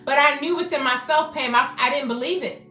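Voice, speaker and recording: A woman hosts a motivational self-help talk, speaking emphatically and repetitively while addressing her viewers by name. Her voice is high and sharp, a little fast. The recording has a roomy echo with faint music behind.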